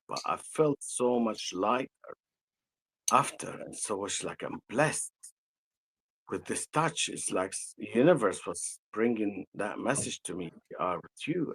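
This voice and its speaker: A man with an Arabic accent, an energy healer telling a personal story in conversation, slow and halting with frequent restarts. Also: on the low side, a bit bright, slightly rough, rough recording.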